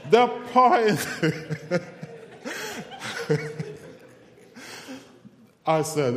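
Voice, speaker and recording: Brief: man preacher, slightly high voice, unhurried storytelling, long hall reverb. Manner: storytelling, animated and self-mocking. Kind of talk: sermon with humorous personal stories.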